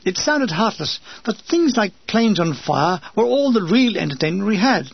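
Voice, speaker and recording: A man narrating a wartime memoir aloud with wry, lively storytelling. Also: sits high, normal speed, gravelly, slightly rough, highs cut off.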